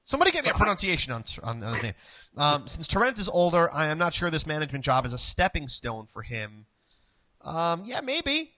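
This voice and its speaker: A man's voice: a little high, wildly swooping pitch, brisk, bright, forceful tone, no echo. A man co-hosting a casual soccer talk show, reading viewer comments aloud in a loose, chatty way. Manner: loose, chatty, says "dude" and "listen". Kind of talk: casual chat.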